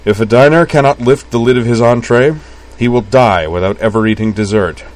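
A man's voice: medium pitch, brisk, close to an everyday voice, low-quality recording. A man reading aloud and voicing a bold young swordsman who declaims grandly. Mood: grandiose.

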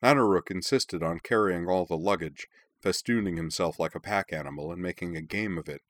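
A man reading a novel aloud in measured, even storytelling narration. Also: low voice, dry recording, studio quality. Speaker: audiobook narrator. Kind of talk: scripted narration.

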